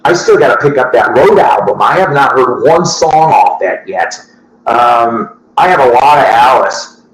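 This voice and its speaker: A man's voice: medium pitch, animated, a little slow. A man hosting a record-collecting show, chatting loosely to viewers, swearing and laughing at his own asides. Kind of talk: casual rambling chat to viewers. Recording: echoey room.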